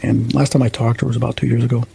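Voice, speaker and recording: A man in his fifties from the Chicago suburbs, a paranormal investigator telling a story in a rambling, halting way with restarts. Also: medium pitch, flat delivery, gravelly, warm tone, a little hiss or hum, poor audio. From Chicago suburbs, USA. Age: 50s. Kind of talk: casual storytelling interview.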